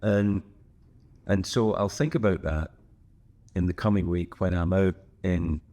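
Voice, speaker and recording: Talking solo on his podcast, this man speaks a little slowly in a low, mellow voice, and the audio sounds dull. He rambles casually, drifting into digressions and wry asides.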